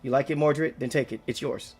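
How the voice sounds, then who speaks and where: A man reading game dialogue aloud, voicing a grave, formal older male noble who speaks in measured, flowery sentences. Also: mid-range voice, steady tone, husky, soft background music, close to an everyday voice. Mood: warm. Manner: measured, formal, ornate speech.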